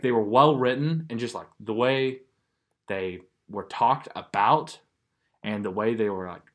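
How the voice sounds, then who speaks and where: A man with a light Southern US accent, co-hosting a podcast in a casual, rambling way and filling his talk with "like.". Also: mid-range voice. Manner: rambling, filler-heavy, says "like" a lot. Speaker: podcast co-host. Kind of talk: casual chat.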